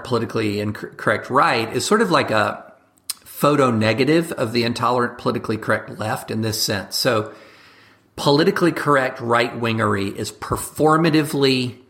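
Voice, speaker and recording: A male guest commentator speaking in a relaxed, conversational interview. He talks quickly and animatedly, with a mid-range voice. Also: mid-range voice. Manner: quick, animated talk with mock voices for examples.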